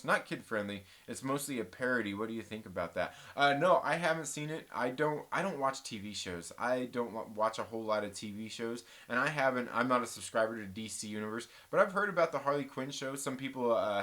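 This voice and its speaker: A man hosting a casual live-stream chat, reading viewer comments aloud and telling rambling, animated stories with restarts and mild cursing. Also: medium pitch, brisk, few pauses. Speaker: host.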